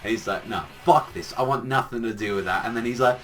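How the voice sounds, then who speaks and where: A man's voice: medium pitch, animated, fast talker, hardly any pauses, pushed and bright, soft background music. A young man giving a casual spoken review, rambling and swearing while he mocks the voices of the characters. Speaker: anime reviewer.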